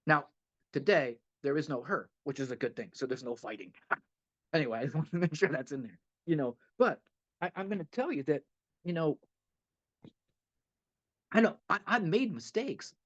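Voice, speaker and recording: A man's voice: on the high side, lively intonation, moderate pace, pauses often, lo-fi sound. A man giving a heartfelt, rambling talk at a recovery meeting, often repeating himself and laughing a little.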